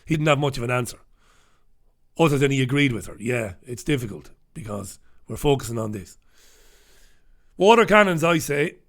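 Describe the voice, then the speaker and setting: A man's voice: medium pitch, brisk. A man hosting a sarcastic, swearing review of the day's newspapers, ranting about the stories. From United Kingdom. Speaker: host. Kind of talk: scathing newspaper review monologue.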